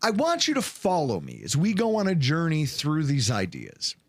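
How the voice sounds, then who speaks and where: A man's voice: a little high, huge pitch swings, moderate pace, no echo. A man hosting a sports podcast, ranting in a casual, sarcastic way. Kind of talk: casual sports talk rant.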